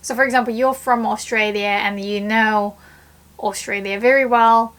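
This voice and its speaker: Young woman, fairly high voice, casual chatty teacher acting out sample lines. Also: moderate pace. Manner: chatty, acts out example phrases with lively voice shifts. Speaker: Japanese teacher. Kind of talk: casual language lesson.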